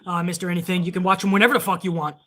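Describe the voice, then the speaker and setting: A man's voice: high voice, flat delivery, very fast, a bit bright. A man hosting a live wrestling stream, chatting casually and rambling with plenty of swearing while reading viewer donations aloud.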